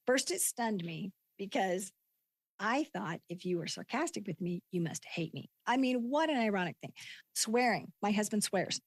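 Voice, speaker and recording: An older woman, a life coach, telling stories in a relaxed interview, acting out quotes with lots of laughter. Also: mid-range voice, no echo. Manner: animated storytelling, acts out quotes, laughs often. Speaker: podcast guest, life coach. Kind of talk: conversational interview.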